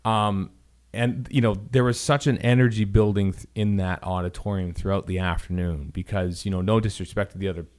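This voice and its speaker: Canadian man, fairly low voice, animated podcast storyteller, casual and filler-heavy. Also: a little fast. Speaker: podcast co-host.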